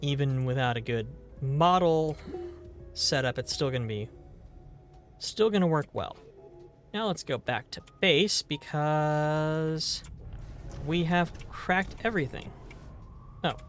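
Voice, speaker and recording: A man's voice: on the high side, lively intonation, takes it slowly, pauses often, soft background music. A man streaming a game live, chatting casually in a rambling, playful way and swearing now and then.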